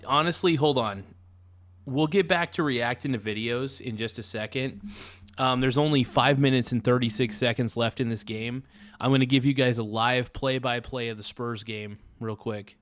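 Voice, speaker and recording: A man live-streaming, chatting casually and giving an excitable, frustrated play-by-play with frequent swearing. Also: medium pitch, moderate pace.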